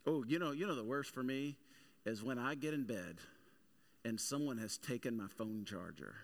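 A man's voice: medium pitch, fairly bright tone. A man in his thirties preaching a sermon as a pastor, mixing humorous everyday stories with emphatic preaching. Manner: conversational storytelling with humor, building to emphatic preaching.

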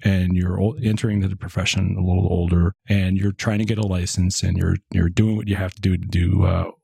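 A man's voice: low-pitched, level tone, fairly quick, gravelly, mellow, husky, dry recording, studio quality. A man from New Jersey co-hosting a podcast, asking long rambling questions in a casual conversational way. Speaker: podcast co-host. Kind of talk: conversational interview.

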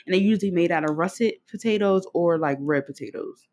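A woman's voice: fairly low pitch, fast talker, a little mellow. A woman co-hosting a podcast in casual chat, laughing often, swearing and telling stories with energy. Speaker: podcast co-host.

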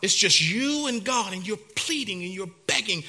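Male pastor preaching in church, lively sweeping delivery, hushed to loud. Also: sits high, moderate pace, husky. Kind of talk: sermon.

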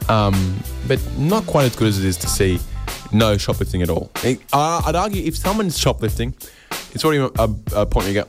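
A man with an Australian accent hosting a comedy podcast, rambling sarcastically and jumping into high mocking voices when he quotes people. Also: big pitch swings, brisk, music in the background. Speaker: podcast host.

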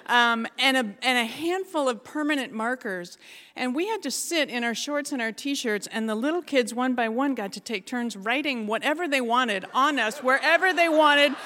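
A middle-aged woman from Alaska telling a funny personal story to an audience in a lively, self-mocking way, laughing often. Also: high-pitched, normal speed. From Alaska, USA.

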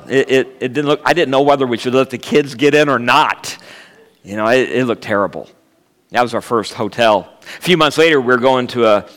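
A man's voice: mid-range voice, a bit bright. A man in his fifties preaching a sermon as a guest speaker, telling funny stories and bantering with the congregation. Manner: humorous, storytelling, jokes with the congregation. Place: church sanctuary. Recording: long church reverb.

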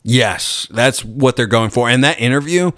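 A man chatting casually about a film, animated and swearing freely. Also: medium pitch, moderate pace, no room sound, clean studio sound. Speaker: podcast co-host.

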